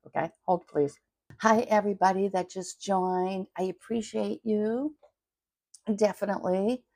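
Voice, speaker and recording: Blunt, mellow-voiced middle-aged woman. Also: sits low, no echo, studio quality. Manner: blunt, chatty, swears casually. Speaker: money coach. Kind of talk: casual livestream talk.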